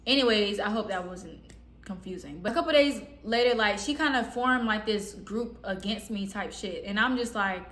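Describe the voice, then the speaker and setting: A woman from the Southern US telling a story casually in a slangy, rambling way with animated quotes. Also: medium pitch, normal speed. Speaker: storytime vlogger. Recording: roomy echo.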